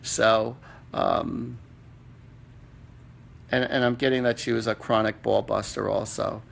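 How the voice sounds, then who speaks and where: A man hosting a live-stream psychic reading. He answers viewers' questions in an earnest, halting way, with many fillers and restarts. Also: on the low side, flat delivery, creaky, fairly bright tone. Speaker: psychic medium host.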